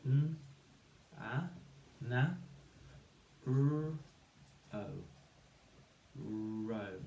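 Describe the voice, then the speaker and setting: A man teaches a phonics lesson, counting to three and breaking words into separate sounds at a very unhurried pace. His voice carries in a roomy, echoing space with a faint hum of ambience behind it. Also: medium pitch. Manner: encouraging praise for pupils. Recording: echoey room with faint ambient noise.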